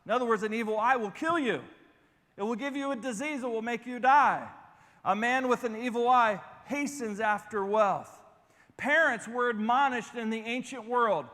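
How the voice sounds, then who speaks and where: A male pastor giving an animated, conversational sermon that speaks straight to his listeners, with asides. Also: high voice, moderate pace, long reverb tail.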